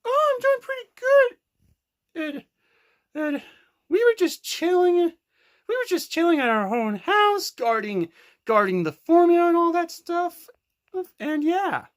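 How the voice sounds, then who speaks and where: A woman's voice: very high voice, sing-song, takes it slowly, pauses often, full character voice. A woman voicing an easygoing young female squirrel who rambles in a laid-back way in a homemade fan production. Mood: relaxed.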